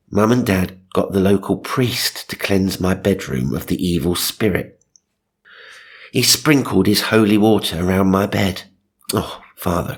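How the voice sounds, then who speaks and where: Male narrator, low and husky, dry comic asides. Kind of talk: comic reading of magazine stories.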